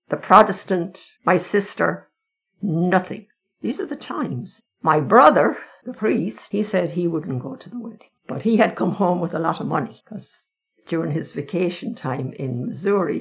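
A woman's voice: lowish voice, creaky. An older Irish woman telling stories of her family's past in a frank, wry, conversational way. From Ireland. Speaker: interviewee. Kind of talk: reminiscing storytelling.

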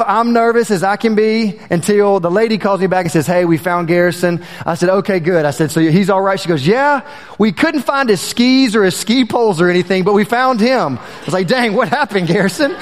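A man's voice: sits high, fairly quick, in a large hall. A male preacher telling a personal story in a folksy way, calling the congregation y'all, then moving into a sermon.

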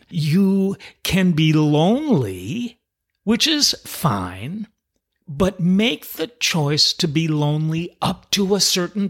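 A man's voice: a little high, a bit bright. A man hosting a motivational podcast, speaking in an earnest, emphatic coaching manner. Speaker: podcast host. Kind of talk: motivational talk.

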